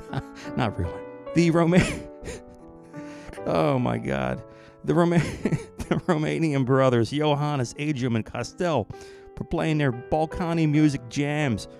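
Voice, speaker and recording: A man hosting a podcast, giving a run of friendly, jokey thank-yous and shout-outs in an upbeat, chatty way. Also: mid-range voice. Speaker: podcast host.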